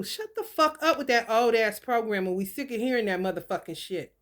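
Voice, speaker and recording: A woman's voice: on the high side, sing-song, fairly quick. A woman hosting a casual livestream and reading oracle cards. She swears freely, laughs often and talks straight to her viewers.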